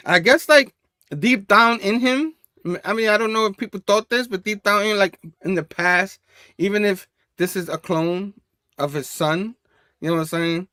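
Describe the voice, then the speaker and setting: A man's voice: high-pitched, unhurried, pushed and bright, dry recording, clean studio sound. A man casually reviewing a comic book, reading the panel dialogue aloud in a loose, chatty way with frequent laughs.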